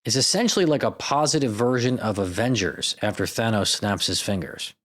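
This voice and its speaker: A man's voice: fairly low pitch, a little fast, fairly bright tone. A man hosting a podcast, reading out stories with irreverent, profane, jokey asides. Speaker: podcast host. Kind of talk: comedic podcast narration.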